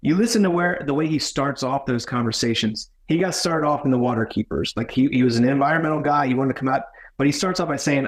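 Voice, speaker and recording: A man talking as a podcast guest, earnest and halting, often restarting his sentences. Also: mid-range voice. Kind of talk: conversational podcast talk.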